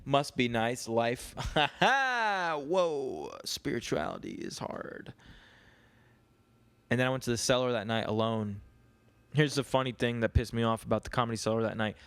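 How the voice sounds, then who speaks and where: A young man rambles through his solo podcast in loose, crude talk, swearing often and drifting between topics. His ordinary middle-pitched voice is flat and quick, yet clear and resonant.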